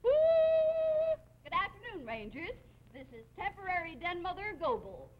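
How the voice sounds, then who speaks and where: A bossy military-style pack leader. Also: female voice, high voice, big pitch swings, moderate pace, lo-fi sound. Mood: stern. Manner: stiff, military, commanding. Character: bossy, rigid female pack leader of girl rangers. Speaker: comic actress in a TV sketch. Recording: noisy 1960s TV broadcast with loud studio audience.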